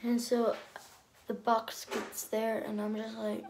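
A young woman telling a casual storytime, chatty and excitable, with many fillers. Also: a little high, slow pace, noisy background.

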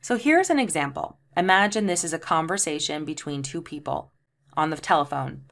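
Brief: woman tutor, lower-pitched voice, patient step-by-step explaining. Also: lively intonation, normal speed, vocal fry, fairly bright tone. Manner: explanatory, reads example sentences aloud spelling out punctuation. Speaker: transcription tutor. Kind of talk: screen-share tutorial.

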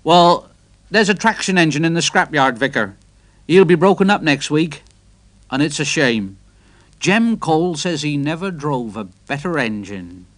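A man's voice: fairly high pitch, lively intonation, unhurried, a bit bright, no echo. A man voicing a plain-spoken male railway engine driver in a storybook, earnest and explaining.

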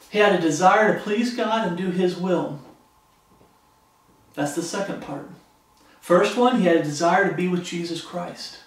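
A man preaching a sermon, fervent and animated, acting out the voices of the people in his story. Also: high voice. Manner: fervent, acts out quoted voices. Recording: echoey room from far off.

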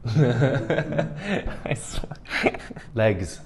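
A young man doing comedic reaction commentary, animated and laughing often as he reacts to fan memes. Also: mid-range voice, normal speed. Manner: animated, laughs often, switches into exaggerated voices.

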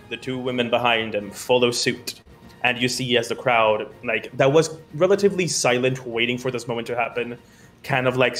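A man's voice: mid-range voice, a bit bright. Casual man narrating a tabletop game. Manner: casual, loose, many fillers. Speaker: game master.

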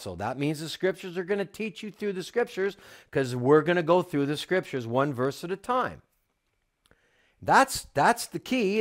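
A man delivers a sermon with fervent, insistent conviction. His voice sits high and swings widely as he hammers home repeated phrases. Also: a bit bright. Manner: fervent, repetitive preaching with emphatic refrains. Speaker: home church teacher.

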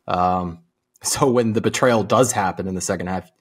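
Young male podcast co-host, low husky voice, laid-back and laughing, casual film chat. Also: moderate pace. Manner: laughs often, casual, profane. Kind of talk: casual movie review chat.

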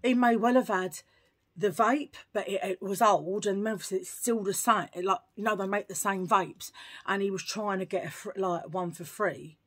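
A woman vlogger telling a story to camera in a chatty, animated way, full of asides. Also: medium pitch, normal speed.

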